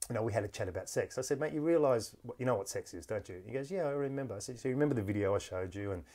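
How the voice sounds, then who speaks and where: A man's voice: mid-range voice, animated, rapid-fire, mellow. Chatty man telling stories. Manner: chatty storyteller, laughs easily, many restarts. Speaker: podcast host. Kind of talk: casual interview chat. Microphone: podcast microphone.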